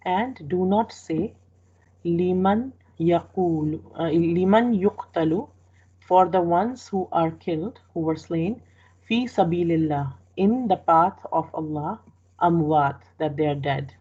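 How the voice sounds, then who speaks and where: A woman with a low, mellow, slightly husky voice gives a word-by-word translation lesson. She explains slowly, repeating phrases and correcting herself as she goes. The sound is dull and lo-fi. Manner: slow, explanatory, repeats each phrase with restarts. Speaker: Quran teacher. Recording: dull lo-fi recording.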